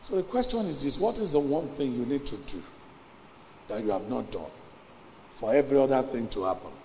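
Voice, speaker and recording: A man preaching a sermon, emphatic, repeating his phrases and building up to shouts. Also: mid-range voice, expressive, fairly quick, slight background noise. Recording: reverberant hall, dull lo-fi sound.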